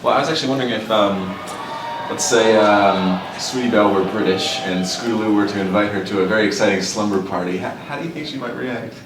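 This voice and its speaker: A man poses a question with hesitant "um"s. His lowish voice comes from far off, with an echoey room and background noise around it. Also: fast. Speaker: fan interviewer. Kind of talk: press conference questions. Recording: distant mic in an echoey noisy room.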